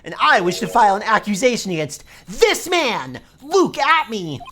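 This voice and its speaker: A woman's voice: mid-range voice, big pitch swings, moderate pace, pushed and bright, slight background noise. A woman reading as Phoenix Wright, earnest lawyer. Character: earnest young male defense attorney. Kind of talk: reading game dialogue aloud.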